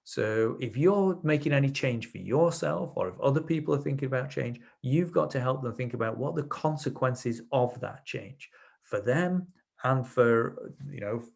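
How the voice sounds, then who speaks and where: A man's voice: medium pitch, animated, normal speed, creaky, a little mellow. A man teaching a webinar as a trainer, explaining his ideas through anecdotes from his sessions, with frequent restarts. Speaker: NLP trainer. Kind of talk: webinar lecture.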